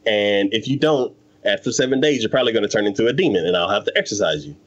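Animated man retelling a show. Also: on the low side, quick pace, dull audio. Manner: animated retelling, acts out characters' lines with fillers. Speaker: anime podcast co-host. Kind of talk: casual chat.

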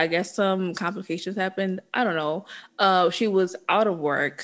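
A woman's voice: fairly low pitch, fairly bright tone. A woman, sounding a bit sniffly, talking candidly and casually with laughs and slang. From New Orleans, Louisiana. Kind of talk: casual chat.

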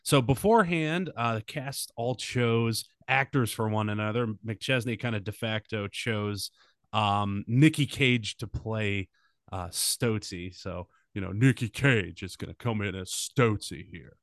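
A man's voice: on the low side, measured pace, no room sound, studio quality. A man hosting a casual comedic podcast, rambling through setups with lots of fillers. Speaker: podcast host.

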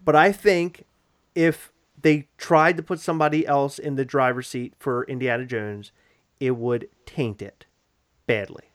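A man's voice: medium pitch, steady tone, a little slow, no echo, studio quality. A man co-hosting a casual podcast chat, arguing his opinions at length. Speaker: podcast co-host.

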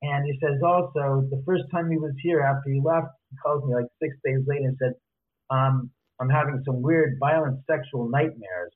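A man, a guest author, retelling a story in lively detail and acting out both sides of each conversation. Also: mid-range voice, moderate pace. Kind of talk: animated storytelling in an interview. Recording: tinny phone line.

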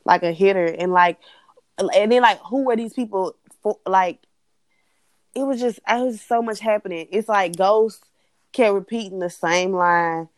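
A young woman co-hosting a casual chat, blunt and animated, swearing freely as she rants. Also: medium pitch, measured pace, no echo. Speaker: podcast co-host.

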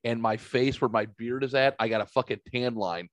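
A man's voice: medium pitch, a little fast, dry recording. A man hosting a podcast, chatting casually and profanely, mocking himself and rambling through stories. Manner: self-mocking, rambling storyteller. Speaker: podcast host.

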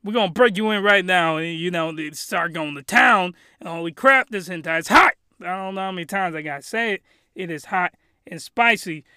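Young guy ranting hyped about a show, bright voice, dead dry room. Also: high voice, normal speed, clean tone, no echo. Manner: rambling, hyped, crude jokes, many restarts. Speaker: anime reviewer. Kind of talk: comedic review vlog.

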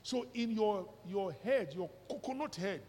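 Nigerian pastor preaching in a reverberant hall. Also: male voice, high-pitched, unhurried, slight background noise. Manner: animated preaching mixing pidgin and English, rhetorical questions to congregation. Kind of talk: sermon. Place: church hall. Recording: reverberant church hall recording.

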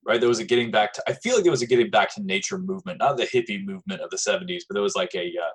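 A man's voice: fairly low pitch, racing, slightly rough. A man moderating a casual group discussion, asking curious follow-up questions.

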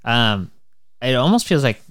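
A man's voice: medium pitch, sing-song, measured pace, fairly bright tone, clear, resonant tone, no room sound, studio quality. A man co-hosting a music podcast in casual chat, blunt and swearing, often trailing off unsure. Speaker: podcast co-host.

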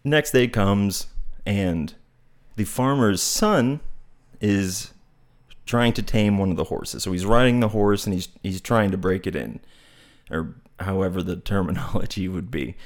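A man's voice: low-pitched, a little slow. A man giving a casual, reflective talk, telling a parable in a meandering, thoughtful way and searching for his words. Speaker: speaker on non-duality.

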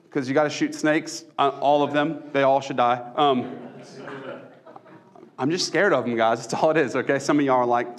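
A man's voice: on the high side, fairly quick. Joking man preaching a sermon. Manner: conversational, self-deprecating humor. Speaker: pastor.

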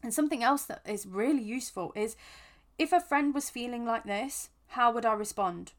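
A woman hosting a podcast, giving reflective self-help advice in an earnest, gentle way with frequent restarts. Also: on the high side, normal speed. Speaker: podcast host.

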